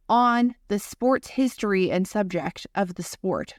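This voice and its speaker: A woman's voice: mid-range voice, animated, a little slow, hardly any pauses, dry recording, studio quality. A woman in her twenties, co-hosting a podcast, telling funny school stories in casual chat, acting out quotes and swearing casually. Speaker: podcast co-host.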